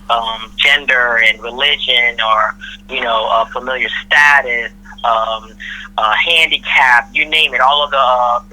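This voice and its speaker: A middle-aged woman from Florida, a podcast guest who is the host's mother, tells a work story in casual chat and acts out the people she quotes. Her voice is extremely low and sharp, on a rough recording.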